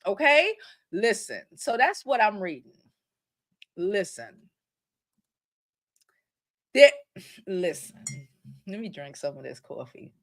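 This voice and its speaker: A woman's voice: mid-range voice, big pitch swings, slow, pauses often. Profane, mocking woman vlog host. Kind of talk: casual commentary.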